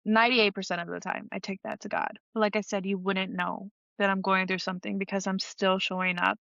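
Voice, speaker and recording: Woman, podcast host, earnest, vulnerable, near tears, even pitch, dry muffled recording. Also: brisk, gravelly, no echo. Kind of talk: reflective faith-based podcast talk. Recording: dull, dry lo-fi audio.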